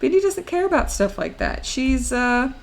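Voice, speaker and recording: A woman's voice: high voice, very animated, normal speed, creaky. A young woman streamer chatting casually while she draws, laughing often as she talks.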